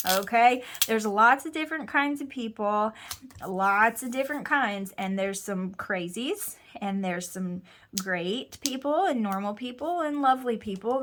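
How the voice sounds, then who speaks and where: A woman's voice: a little high, a bit bright, a little hiss or hum. Chatty woman telling a personal story. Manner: chatty, self-deprecating, quotes herself and others a lot. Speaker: host. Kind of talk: casual storytelling monologue.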